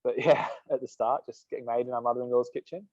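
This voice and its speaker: A man's voice: medium pitch, quick pace, dry recording. A man in his thirties, a podcast guest chatting casually and rambling with lots of "like" and "um". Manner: relaxed, rambling, heavy on "like" and "um". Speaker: guest, sunscreen company co-founder. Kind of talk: casual chat. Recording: dull, dry podcast recording.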